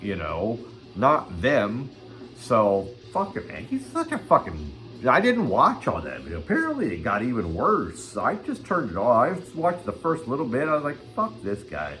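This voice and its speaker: Older male vlog host, crude rambling ranter, big swooping pitch, faint music underneath. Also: huge pitch swings, normal speed, a bit bright. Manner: crude, rambling, swears constantly. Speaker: channel host. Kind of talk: rambling profane vlog rant.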